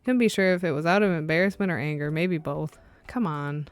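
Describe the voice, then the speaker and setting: A woman reading a visual novel aloud, switching between narration and animated, sarcastic asides of her own. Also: low voice, a little fast. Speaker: let's play streamer.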